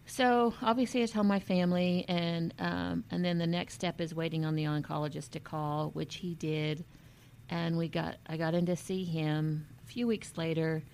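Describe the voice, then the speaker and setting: Woman vlogging a personal story, kinda low voice, lots of stops and restarts, gets emotional. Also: steady tone, vocal fry, a little mellow, slight background noise. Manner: earnest, halting, with many restarts. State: emotional, near tears at times.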